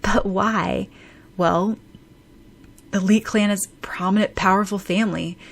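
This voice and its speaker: A woman's voice: mid-range voice, fairly even intonation, unhurried, gravelly. A woman reading an audiobook, voicing a grumpy, harried teenage boy who sounds exasperated and groans his complaints. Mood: weary.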